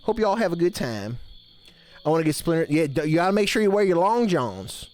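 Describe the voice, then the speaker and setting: A man's voice: on the high side, very animated, a little fast, darkish tone. A man streaming live, chatting casually with viewers in a folksy camp-counselor persona full of drawled "y'all"s. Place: home streaming room with blanket-draped backdrop.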